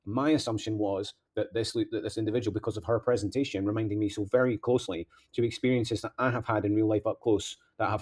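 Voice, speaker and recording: A man's voice: lowish voice, a little mellow. A man delivering a rambling political monologue as a candidate, impassioned, veering between outbursts and mutters.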